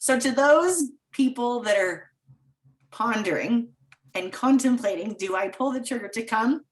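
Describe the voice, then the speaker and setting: A woman's voice: on the high side, a little slow, low-quality recording. A woman guest in a casual interview, talking with enthusiasm and laughing often. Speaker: guest, chalet owner.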